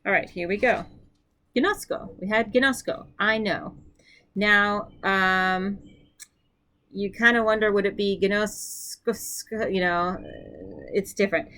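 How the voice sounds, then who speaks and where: A woman's voice: medium pitch, slow pace, long pauses, bright, forceful tone. A woman teaching a recorded language lesson. She drills word forms and explains as she goes, upbeat and encouraging, with fillers as she thinks aloud. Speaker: Greek teacher.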